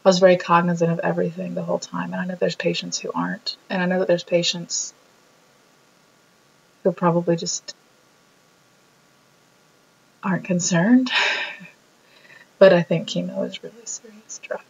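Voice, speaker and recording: Husky gravelly woman, chatty storyteller. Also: normal speed, long pauses, highs cut off. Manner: animated storytelling, acts out quotes in a bubbly high voice. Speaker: vlogger reacting to her own video. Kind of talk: casual reflective chat.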